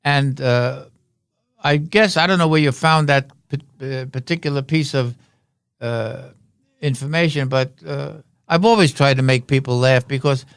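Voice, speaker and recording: A man's voice: mid-range voice, measured pace, gravelly, clear, resonant tone, no echo, studio quality. An older man, a guest on a podcast, telling rambling anecdotes and jokes in a casual way. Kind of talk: casual storytelling. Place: podcast studio.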